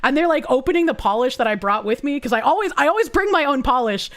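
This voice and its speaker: A woman with a high voice chats casually on stream and tells a long story. Her talk is loose and rambling and full of "like" and restarts. She swears freely throughout. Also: animated, fast talker. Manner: rambling and profane, full of fillers like "like".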